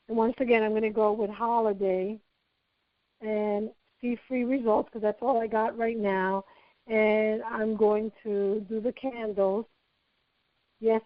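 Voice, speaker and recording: A woman marketing trainer walking through a software tutorial step by step, chatty and narrating each click aloud. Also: mid-range voice, dry recording, narrow, tinny audio. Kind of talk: screen-share software tutorial.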